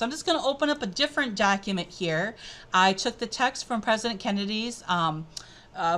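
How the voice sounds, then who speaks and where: A woman presenting an upbeat, chatty software tutorial as she clicks through a screencast. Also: on the high side. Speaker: edtech presenter.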